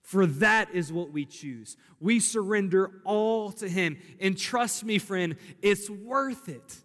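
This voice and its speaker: A man's voice: high voice, slow, hardly any pauses, fairly bright tone. A young man preaching a sermon in an earnest, conversational way, repeating phrases for emphasis. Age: young adult. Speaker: pastor. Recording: hall reverb.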